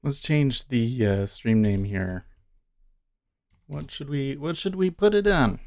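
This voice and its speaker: A man's voice: medium pitch, expressive, darkish tone. A man streaming live day trading, talking casually and thinking aloud as he watches the market. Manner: thinks aloud, musing and unhurried.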